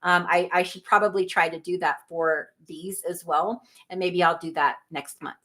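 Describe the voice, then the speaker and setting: A woman's voice: on the low side, steady tone, normal speed, pushed and bright. A middle-aged woman hosting a livestream, chatting casually, reading viewer comments, rambling and laughing often. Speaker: livestream host.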